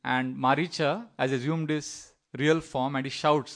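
A man's voice: mid-range voice, steady tone, unhurried. A middle-aged man giving a sermon in a conversational storytelling way, often acting out the voices of people in his stories. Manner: conversational, with fillers and small laughs. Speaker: preacher.

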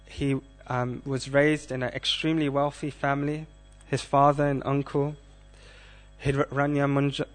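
A man giving a scripture class, speaking in a measured way and asking the audience questions. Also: mid-range voice.

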